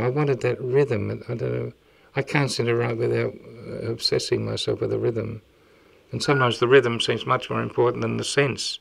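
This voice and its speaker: A writer talking casually in an interview about his work, halting and searching for words. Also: medium pitch, flat delivery, creaky.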